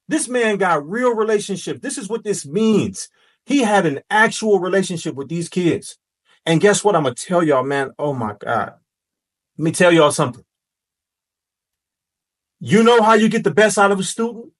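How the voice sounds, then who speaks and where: A man hosting a reaction commentary, talking in a preachy, emphatic way that rises to shouts. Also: sits high, expressive, moderate pace, pauses often. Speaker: commentary host.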